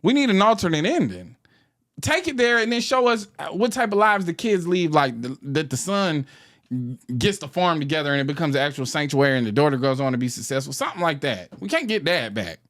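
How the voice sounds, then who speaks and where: Man, podcast co-host, fairly high voice with a wide pitch range, animated and profane comedic chat. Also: fairly quick. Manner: animated, profane, laughs often.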